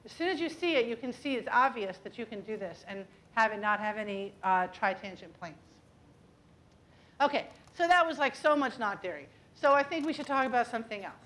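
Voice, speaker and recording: Excited woman math lecturer, high voice, chatty, keeps asking okay? right?. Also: brisk. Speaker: mathematician giving a public talk. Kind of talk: lively public lecture with demonstrations.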